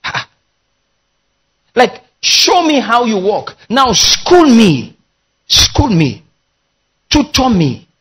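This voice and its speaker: A man's voice: extremely high pitch, huge pitch swings, drawn-out words, long pauses, fairly bright tone, husky. A man preaching a sermon as pastor, leading his congregation in call-and-response with emphatic delivery.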